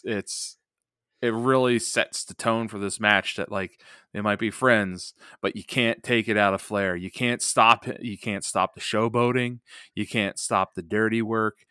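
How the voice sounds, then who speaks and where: Podcast co-host, male, low voice, rambly and animated, dry booth sound. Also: clear, resonant tone, no echo. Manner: animated, rambling with many fillers. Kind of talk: casual chat reviewing a wrestling match.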